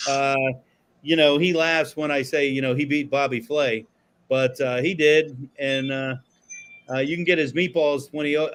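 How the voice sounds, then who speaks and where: A man's voice: on the high side, a bit bright. Profane laid-back man telling stories. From Florida. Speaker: podcast co-host. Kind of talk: casual chat. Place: studio.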